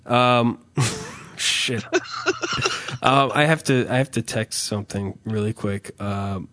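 A man's voice: on the low side, slow pace. A man hosting a podcast, telling a rambling, profane comic story in casual chat. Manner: profane, rambling, animated rants. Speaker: podcast host.

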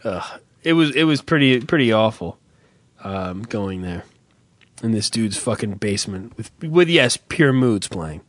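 A man's voice: fairly low pitch, unhurried, no room sound. Profane rambling man on a podcast. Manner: rambling, profane, animated storytelling. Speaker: podcast co-host. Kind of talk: casual profane podcast banter.

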